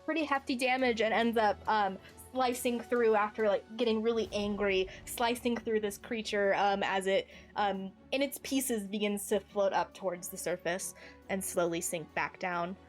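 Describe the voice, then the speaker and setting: A woman's voice: mid-range voice, normal speed, faint music behind. Hesitant woman running a tabletop game. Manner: hesitant, full of fillers and restarts. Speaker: game master.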